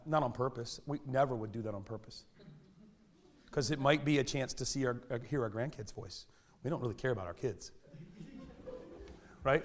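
A man preaching a sermon in a church, animated and conversational, with self-deprecating humor. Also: medium pitch. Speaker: pastor. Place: church sanctuary.

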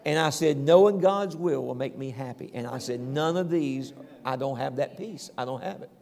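A man's voice: mid-range voice, moderate pace, creaky, a little mellow, in a large hall. A man preaching a sermon as pastor, telling homespun stories and calling out to the congregation. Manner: folksy storytelling preacher, calls out "Amen?".

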